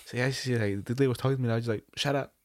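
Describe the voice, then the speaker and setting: A man's voice: medium pitch, fairly even intonation, very fast, darkish tone, no room sound. A young man in casual chat, rambling and slangy, full of "like" and "bro".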